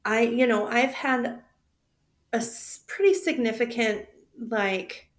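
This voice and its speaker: A woman's voice: a little high, takes it slowly. A woman co-hosting a podcast in casual chat, thinking aloud and searching for her words. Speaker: podcast co-host.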